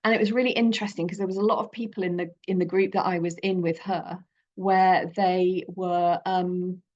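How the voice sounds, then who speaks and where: A woman guiding a creative journaling workshop in a gentle, encouraging, loosely conversational way. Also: on the low side, level tone, normal speed, highs cut off. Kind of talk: guided creative workshop talk.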